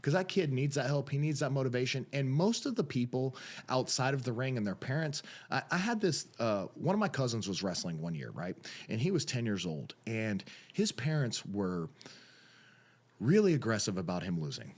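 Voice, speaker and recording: A man guesting on a podcast, telling stories about coaching and refereeing jiu-jitsu in a casual, animated way, acting out what people said. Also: medium pitch, moderate pace. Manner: animated storyteller, acts out quotes, repeats phrases. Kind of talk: casual storytelling interview.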